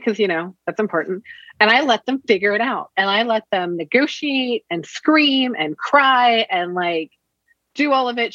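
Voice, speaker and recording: A woman's voice: medium pitch, fairly bright tone, dry recording. A woman from Virginia, a counselor and mother, chatting candidly and animatedly in a podcast interview. She swears casually as she tells stories. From Virginia, USA. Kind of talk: casual conversation, storytelling. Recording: dull, dry lo-fi sound.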